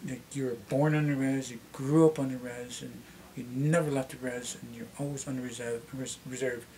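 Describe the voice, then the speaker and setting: A middle-aged man with a Canadian accent and a slightly deep voice, chatting casually to camera and rambling with many restarts. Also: steady tone, brisk, mellow, slight background noise. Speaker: vlogger.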